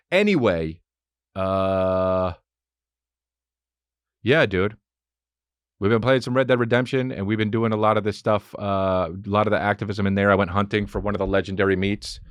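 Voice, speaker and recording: A man's voice: mid-range voice, no room sound, clean studio sound. A man hosting a podcast, talking in a rambling, profane, comedic monologue. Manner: animated, rambling, heavy swearing. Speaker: podcast host.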